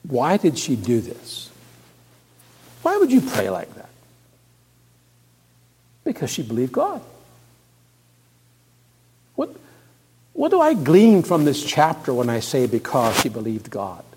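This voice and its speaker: A male pastor preaching a sermon, moving from hushed, quiet passages to loud, emphatic ones and repeating key words. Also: medium pitch, very animated, unhurried, long pauses, slight background noise. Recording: long reverb of a large hall.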